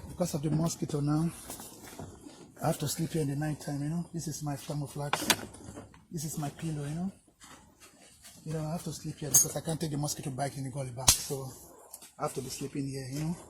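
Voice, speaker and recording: A man's voice: fairly high pitch, noisy background. A man speaking earnestly outdoors, explaining his hardship and asking for help, with "you know" after nearly every phrase. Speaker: interviewee. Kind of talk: pleading personal appeal.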